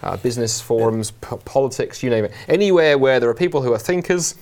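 A man with a South London accent, speaking as an interview guest in a lively, joking way with many fillers. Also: mid-range voice, fast talker. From England. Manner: animated, jokey, many fillers. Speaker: guest, Christian scholar. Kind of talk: conversational interview.

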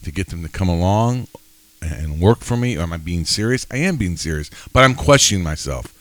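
A man's voice: sits low, animated, a little fast, dry recording. A man co-hosting a casual faith podcast, rambling and self-questioning with a joking edge. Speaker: podcast co-host.

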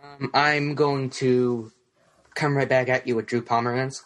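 A man's voice: medium pitch, flat delivery, a little slow, fairly bright tone. A male podcast co-host in a casual fantasy baseball draft chat, talkative and quizzing his partner about picks.

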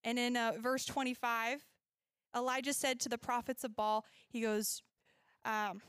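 A woman leads a relaxed Bible lesson for children in a church classroom, chatting and laughing as she catches her own slips. Her voice sits fairly high and comes across smooth and clear. The sound is dry and close. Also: measured pace, long pauses, no echo. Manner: chatty, laughs often, self-correcting. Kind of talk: casual Bible lesson with props.

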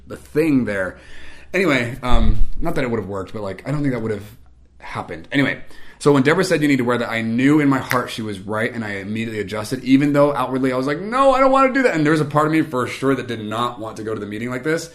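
A man's voice: mid-range voice, quick pace. A young man telling a personal story in a casual, chatty way, with lots of fillers and self-mocking humor.

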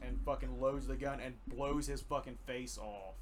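A man co-hosting a casual podcast chat, retelling comic scenes with lots of swearing and quick quoted voices. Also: medium pitch, fairly even intonation, background noise. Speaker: podcast co-host.

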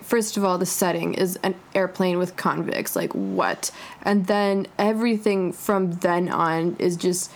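A young woman in casual conversation, enthusiastic and exclamatory, full of fillers. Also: medium pitch. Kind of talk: casual podcast chat about movies.

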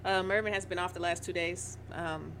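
A woman's voice: fairly low pitch, fairly even intonation, moderate pace, a bit bright, slight background noise. A woman with a rural Southern American twang, co-hosting a casual sports podcast in a teasing, drawling way. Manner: teasing, drawling, laughs easily. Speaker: podcast co-host. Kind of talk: casual chat.

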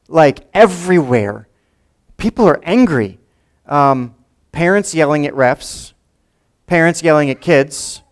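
A man's voice: a little high, clean tone. A male pastor preaching a conversational sermon in a church, often asking his congregation questions.

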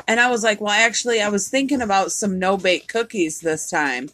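A woman's voice: medium pitch, fairly quick, hardly any pauses, a bit bright, slight background noise. A woman co-hosting a casual podcast chat, telling stories with frequent swearing and laughter. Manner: profane, laughing storyteller. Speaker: podcast co-host.

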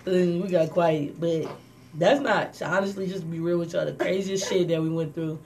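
Profane animated woman storyteller, off-mic. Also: fairly low pitch, moderate pace. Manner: animated, profane, acts out voices in quotes. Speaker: co-host telling a story. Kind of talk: casual storytelling chat. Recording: distant mic with faint noise.

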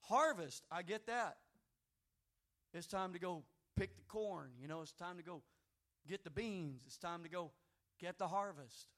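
Man, pastor, sermon, high voice, hushed storytelling rising to fervent shouting. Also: measured pace, faint music behind. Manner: storytelling that builds to loud, fervent exhortation.

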